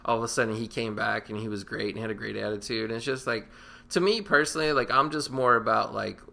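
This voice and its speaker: A man's voice: on the low side, fast talker, gravelly, sharp tone. A man co-hosting a podcast in casual chat, opinionated and sarcastic, swearing freely. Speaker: podcast co-host.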